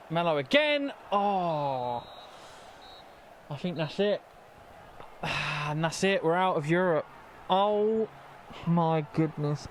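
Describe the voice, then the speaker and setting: Things keep going wrong in the football video game this young man is commentating, and he stammers and gets flustered in his casual play-by-play. His slightly high voice comes with a bit of background noise.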